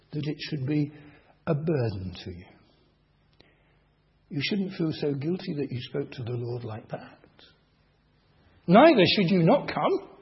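A man preaching a sermon slowly and deliberately, asking the congregation rhetorical questions. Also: on the high side. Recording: dull lo-fi recording.

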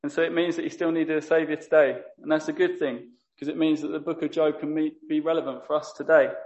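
A man's voice: on the high side, level tone, fast, darkish tone, poor audio. A man preaching a sermon in an earnest manner, often stopping to correct himself. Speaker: lay preacher.

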